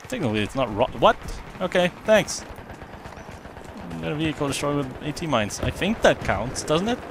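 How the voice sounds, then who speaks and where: A man's voice: fairly high pitch, sing-song, moderate pace, background noise. A man giving casual let's play commentary, rambling and correcting himself as he goes. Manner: rambling, self-correcting, chatty. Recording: game audio behind voice, gunfire and vehicles. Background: game gunfire and explosions.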